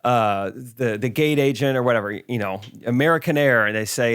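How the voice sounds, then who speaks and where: A man hosting a podcast in casual chat, telling stories in an animated way and laughing often. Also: mid-range voice, moderate pace, smooth. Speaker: podcast host.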